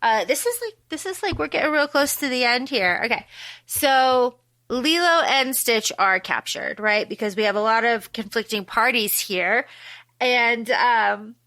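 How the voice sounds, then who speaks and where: Woman, podcast co-host, high pitch, bright tone, animated casual recap. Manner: animated, acts out quotes in funny voices. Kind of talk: casual movie recap chat.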